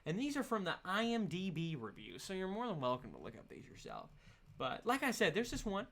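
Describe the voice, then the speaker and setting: A man's voice: sits high, huge pitch swings, fairly quick, fairly bright tone. Chatty, giggly young man hosting. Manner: laughs often, rambling and chatty. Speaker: podcast host. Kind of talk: casual solo podcast rant.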